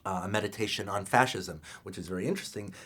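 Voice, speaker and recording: A man's voice: on the low side, fast, a bit bright. A filmmaker being interviewed, a man talking loosely with many fillers and restarts. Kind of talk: casual interview answers.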